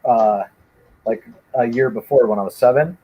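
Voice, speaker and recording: A man chatting casually and telling animated childhood stories, acting out voices of his family. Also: medium pitch, normal speed, husky, low-quality recording. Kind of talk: casual chat.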